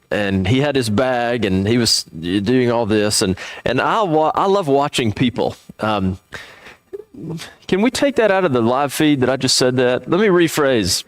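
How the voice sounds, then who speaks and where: A man's voice: mid-range voice, no echo. A man, speaking at a church seminar and telling a humorous, self-deprecating story with lots of restarts.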